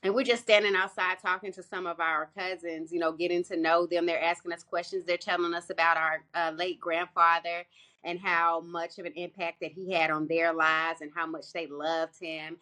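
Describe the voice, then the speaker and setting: Bright-voiced animated woman telling a story. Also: moderate pace. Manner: animated, laughs often, voice jumps high for quoted people. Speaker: podcast co-host. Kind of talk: casual storytelling chat.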